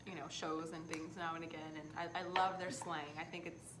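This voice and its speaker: A woman's voice: fairly low pitch, little pitch movement, brisk, noisy background. A woman from Central America chatting as a guest friend in a casual, earnest, musing way. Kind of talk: casual chat.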